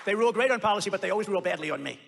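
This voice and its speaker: A man's voice: high-pitched, lively intonation, rapid-fire, vocal fry, fairly bright tone, some chatter behind, a little hiss or hum. A man giving a rally speech in a rambling, boastful, repetitive way. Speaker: political speaker.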